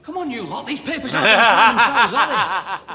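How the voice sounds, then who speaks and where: An actor playing a sarcastic, grumpy holidaymaker in a TV sitcom, speaking bluntly. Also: male voice, high voice, very animated, fairly quick.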